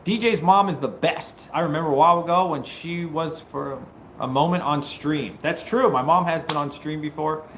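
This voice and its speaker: A man hosting a casual live stream, greeting viewers and joking, at times breaking into loud mock-taunting. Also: a little high, normal speed, a little hiss or hum. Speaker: livestream host. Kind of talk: casual livestream chat with viewers.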